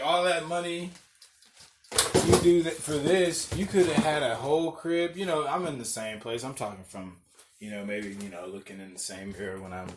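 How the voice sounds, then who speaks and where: A young man hosting a podcast, telling a story in a loud, animated, profane way, acting out what people said and laughing often. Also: a little high, a little hiss or hum. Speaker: podcast host. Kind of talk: casual storytelling rant.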